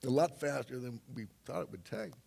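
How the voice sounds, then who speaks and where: A man's voice: medium pitch, a little fast, vocal fry, darkish tone, breathy edge. An older man telling a loose, rambling anecdote on stage to a live audience, full of fillers and laughs. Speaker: guest speaker.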